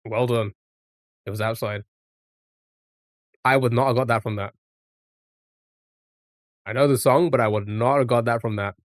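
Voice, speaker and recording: A man's voice: medium pitch, steady tone, normal speed, long pauses, dry recording, studio quality. A man live streaming a music guessing game, chatting casually and reacting to his chat as he plays.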